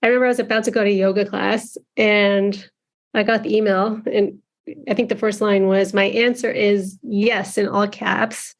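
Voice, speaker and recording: A woman's voice: mid-range voice, little pitch movement, normal speed. A woman film director talking earnestly and reflectively as a guest in an interview. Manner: earnest, reflective, with some restarts. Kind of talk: casual interview conversation.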